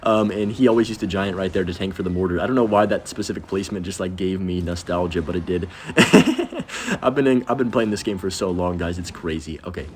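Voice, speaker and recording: A young man giving casual, rambling commentary over his own gameplay, self-deprecating and reacting quickly to each play. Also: low-pitched, a little mellow, a little hiss or hum. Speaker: gaming commentator.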